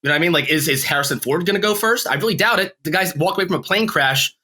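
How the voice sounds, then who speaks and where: A man chatting casually on a podcast at a rapid clip. His voice is bright and forward, a little higher than most men's, and he swears and laughs a lot. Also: lively intonation, a little hiss or hum. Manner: fast, swearing, laughing often. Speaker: podcast co-host. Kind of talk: casual chat.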